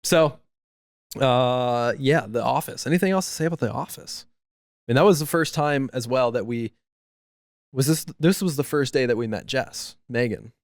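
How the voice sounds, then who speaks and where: A man's voice: medium pitch, moderate pace, no room sound. A man co-hosting a podcast in casual chat, telling stories and acting out what people said. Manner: storytelling with lots of acted-out quotes. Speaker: podcast co-host.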